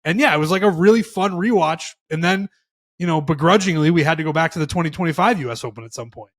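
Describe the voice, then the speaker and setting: Young guy cohosting a golf podcast, voice on the high side, loose and animated, swears a bit. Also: quick pace. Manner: animated storytelling, swearing, quotes himself. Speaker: podcast co-host. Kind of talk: casual chat.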